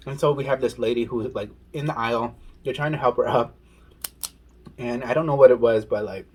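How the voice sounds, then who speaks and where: A man vlogging while eating, telling a story in a casual, animated way and saying "y'all". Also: mid-range voice, slight background noise. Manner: animated, says "y'all" and "oh my goodness". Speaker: mukbang vlogger.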